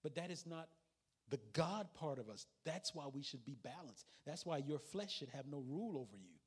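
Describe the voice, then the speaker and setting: A man's voice: on the high side, animated, normal speed, breathy edge. A male pastor preaching a sermon in a folksy, conversational way, with asides to the congregation.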